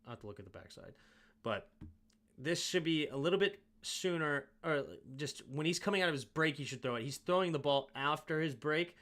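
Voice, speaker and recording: A man's voice: fairly high pitch, expressive, fairly quick, fairly bright tone. A man hosting a sports show, casually breaking down game film and thinking aloud with self-mocking asides.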